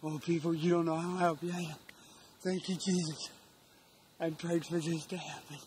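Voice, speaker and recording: A middle-aged man, out of breath and emotional, talking in a hushed, halting voice while hunting outdoors in the woods. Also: on the high side, level tone, a little hiss or hum. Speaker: bow hunter. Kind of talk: hushed hunting vlog commentary.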